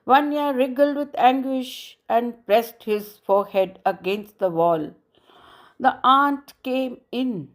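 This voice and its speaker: A woman narrating a classic short story as an audiobook, in a measured, even storytelling manner. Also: fairly high pitch.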